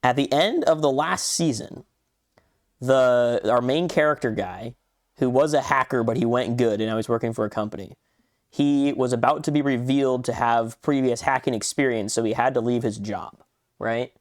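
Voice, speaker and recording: Man co-host, mid-range voice, dry and close, animated and profane in casual chat. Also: mid-range voice, normal speed, dry recording. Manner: animated ranting, swears freely. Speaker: podcast co-host.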